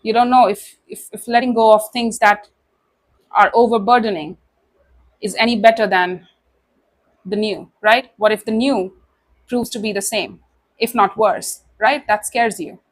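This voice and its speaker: Woman, tarot reader, chatty and emotive, middle pitch, talks straight to the listener. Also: fairly even intonation, a little slow, long pauses. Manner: warm, emotive, speaks directly to the listener with many "you know"s. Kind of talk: casual tarot reading to camera.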